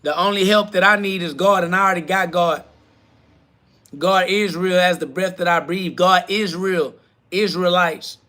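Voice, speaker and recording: A man with fairly even intonation, a moderate pace and a pushed, bright voice hosts a live self-talk podcast. He repeats short slogans like a preacher and answers quoted critics in crude slang, his voice cracking up into high shrieks in heated moments.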